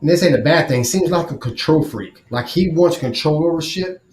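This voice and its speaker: A man with a slightly high voice talks sports in a blunt, cursing, animated way. His voice carries a noticeable room echo. He sounds like a casual podcast co-host. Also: moderate pace, slight background noise. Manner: profane, blunt, animated storytelling. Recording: roomy echo.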